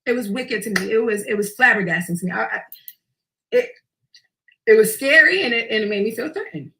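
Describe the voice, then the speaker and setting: A woman, telling a personal story in a profane, intense and animated way. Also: fairly high pitch, fairly quick. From Queens, New York. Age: early 20s.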